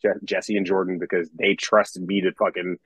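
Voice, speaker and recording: A man's voice: low-pitched, flat delivery, normal speed, fairly bright tone, husky, dry recording. A young man, a metal songwriter, talking casually on a podcast, rambling with many restarts and casual swearing.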